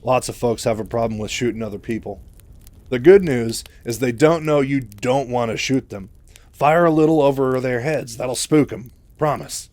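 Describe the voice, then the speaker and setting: A man's voice: medium pitch, moderate pace, darkish tone, no echo, lightly acted. A man voicing a folksy, brash adult male marine officer while retelling a story. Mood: reassuring. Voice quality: folksy frontier phrasing.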